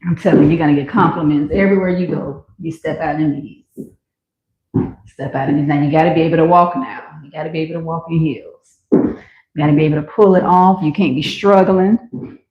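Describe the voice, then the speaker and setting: A woman's voice: low voice, steady tone, brisk, a little hiss or hum. A woman vlogger talking casually and enthusiastically to viewers while she tries on and sells shoes. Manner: chatty and enthusiastic, talks to viewers. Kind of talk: casual shop-with-me commentary. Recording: roomy, slightly dull home recording.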